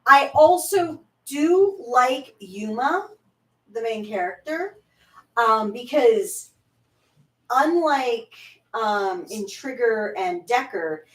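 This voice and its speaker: A woman's voice: on the high side, lively intonation, extremely slow. A woman chatting casually and bluntly with frequent swearing while nursing a headache. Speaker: co-host. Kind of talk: casual reaction chat. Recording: echoey room, far from mic.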